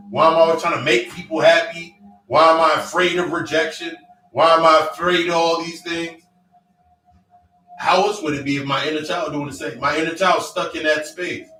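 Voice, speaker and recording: A man with a raised, forceful voice preaches in a blunt, profane monologue and drives each point home with repetition. He sits back from the mic in a roomy, echoing space. Soft music plays underneath. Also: on the high side. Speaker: self-help speaker. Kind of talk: motivational monologue. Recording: echoey room, distant mic, faint music.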